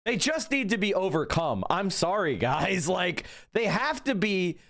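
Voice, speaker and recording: A man's voice: sits high, sing-song, a little slow, fairly bright tone. A man in his forties giving heated, profane live-stream commentary, his voice climbing as he rants. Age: 40s. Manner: profane, ranting, voice climbing when worked up. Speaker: political streamer.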